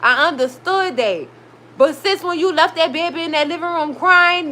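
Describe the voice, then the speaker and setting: A high, bright-voiced young woman rants through a TV recap from her room at home. She talks in an animated way and swears freely. A faint hiss sits under her voice. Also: moderate pace, poor audio. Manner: animated, swearing, heated reactions. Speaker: recap show host. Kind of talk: casual TV recap vlog. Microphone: recorded.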